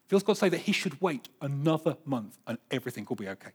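A man preaching a sermon, telling personal stories with dramatic swings between loud bursts and hushed asides. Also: medium pitch, sing-song, quick pace, husky.

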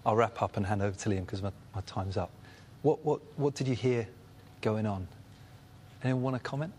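A man teaching a Bible study group in a lively way, acting out the voices of people in the story. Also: fairly low pitch, a little fast, a little hiss or hum.

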